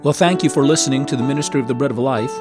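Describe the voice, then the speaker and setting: A man reading a friendly, measured closing announcement for a radio ministry. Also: mid-range voice. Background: guitar music.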